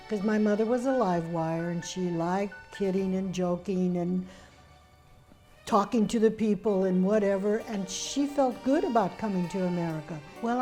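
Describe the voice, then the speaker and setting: An older woman telling her family's story in a personal, animated way. Her voice is mellow and warm at a middle pitch. She acts out the people she quotes as she goes. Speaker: memoir author.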